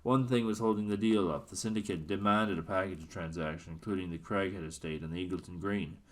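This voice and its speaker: A man's voice: deep voice, fast talker, natural voice. A man putting on an old Irish colonel. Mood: confiding. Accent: put-on Irish. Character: old white-haired retired Irish colonel, genial host.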